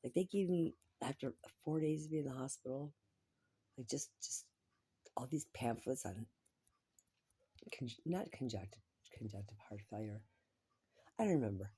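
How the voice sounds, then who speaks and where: A woman's voice: a bass voice, animated, normal speed, pauses often, warm tone, husky. A woman talking in a rambling personal monologue, repeating herself, swearing freely and sometimes dropping into a whisper.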